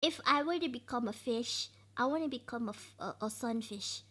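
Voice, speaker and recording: A woman's voice: on the high side, moderate pace, fairly bright tone. A Malaysian woman livestreaming, chatting playfully and laughing often, mixing in English. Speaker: streamer. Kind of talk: casual livestream chat.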